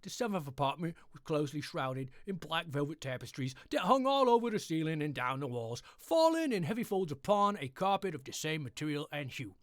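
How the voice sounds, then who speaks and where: A man putting on a cheerful English accent to read a gothic tale aloud in a theatrical, drawn-out way. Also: fairly high pitch, big pitch swings, no room sound, studio quality. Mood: sprightly. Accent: put-on English. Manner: theatrical, drawn-out emphatic reading. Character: cheerful upbeat English male storyteller. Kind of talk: dramatic horror story reading.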